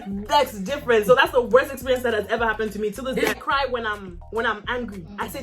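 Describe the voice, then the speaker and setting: An animated young woman hosting a casual chat with friends, telling her story in a slightly high voice and repeating key lines. Faint music plays under the talk. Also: brisk, hardly any pauses. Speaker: vlog host.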